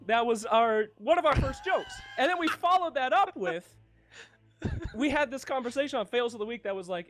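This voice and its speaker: A young man casually telling a funny anecdote, animated and excitable, swearing freely. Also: very high-pitched, brisk. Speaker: video creator.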